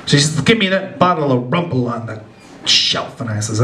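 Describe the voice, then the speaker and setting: A young man doing a stand-up comedy set, telling laid-back stories and slipping into quick character voices. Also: medium pitch, expressive, bright, forceful tone, slight background noise. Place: small club with a live audience. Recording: echoey club room with crowd laughter.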